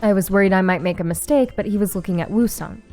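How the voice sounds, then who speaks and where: A young woman reading a visual novel aloud and reacting with sudden excited squeals and swearing. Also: mid-range voice, quick pace, faint music behind. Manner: reads story text aloud, breaks into excited squeals and swearing. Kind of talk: casual playthrough narration with reactions.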